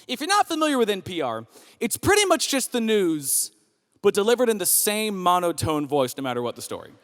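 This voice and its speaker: A man in his thirties performing a stand-up comedy set on a club stage, telling family stories and jumping into voices for the people in them. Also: a little fast. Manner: animated storyteller, jumps into high voices for characters. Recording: long reverb of a hall.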